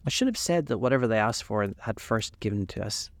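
A man voicing an earnest, idealistic young gentleman in a storybook reading, speaking eagerly. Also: lowish voice, animated, a little fast, no room sound.

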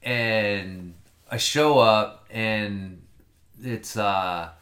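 A man's voice: on the low side, extremely slow, a bit bright, roomy sound. A man telling a long story in casual chat, rambling and swearing freely.

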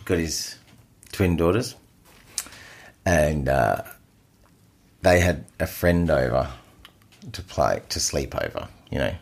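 A middle-aged man, co-hosting a casual chat and telling an animated story with frequent laughs. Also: very deep voice, slow, vocal fry, pauses often. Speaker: podcast co-host.

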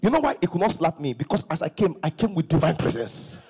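A middle-aged male pastor preaches with a husky voice, swinging between sung lines and shouted peaks. His pitch sits high and ranges widely, and faint music plays underneath. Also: big pitch swings, quick pace. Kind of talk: sermon.

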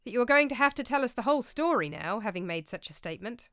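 A woman voicing a cheerful medieval monk who tries to smooth the talk over. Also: a little high, very animated, quick pace, fairly bright tone, no echo, clean studio sound, pitched above the performer's own voice. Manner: cheerful, soothing. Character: cheerful, peace-keeping medieval monk, male.

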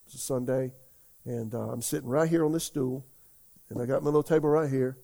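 A man's voice: medium pitch, a little fast, vocal fry, warm tone. An older man preaching a folksy, rambling sermon in a church, often asking the congregation questions. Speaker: pastor. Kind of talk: conversational sermon.

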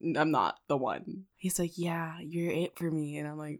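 A woman's voice: deep voice, normal speed, hardly any pauses. Young woman telling a story, lots of "like". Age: 20s. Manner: chatty, animated storytelling, peppered with "like" and swearing. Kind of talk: casual chat.

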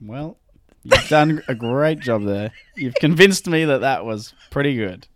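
Male podcast co-host, animated and playful, lively pitch, dry close-mic sound. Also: dry recording. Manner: playful, animated, quick to laugh. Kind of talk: casual chat.

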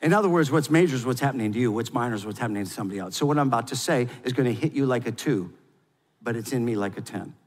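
A man preaching a sermon as pastor, swinging between loud, fervent exhortation and quiet, intimate confession. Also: mid-range voice, animated, racing, in a large hall.

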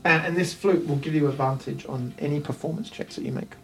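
A man's voice: on the high side, a little fast, creaky, far from the mic. A man with a New Zealand accent narrating a tabletop game as game master, rambling with frequent ums.

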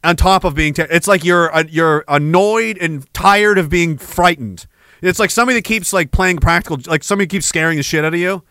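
A middle-aged man hosting a podcast, ranting with heavy profanity and jumping between war stories and shouted quotes. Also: fairly high pitch, a little fast, dry recording. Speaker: podcast host. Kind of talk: ranting monologue.

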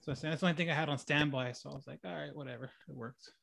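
Man, podcast guest, easygoing chat, higher voice, dry sound. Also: racing, creaky, a bit bright, no room sound. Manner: easygoing, plugging his own show. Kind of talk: casual chat.

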